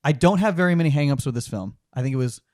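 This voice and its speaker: A man's voice: mid-range voice, expressive, very fast, darkish tone, dry recording, clean studio sound. A man co-hosting a podcast, giving his blunt, swear-laden opinions in a casual film review chat. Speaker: podcast co-host.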